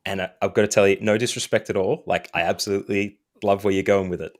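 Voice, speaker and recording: A man's voice: fairly low pitch, steady tone, fast. A man co-hosting a gaming podcast, chatting casually in a wry, self-deprecating way and laughing often. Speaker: podcast co-host.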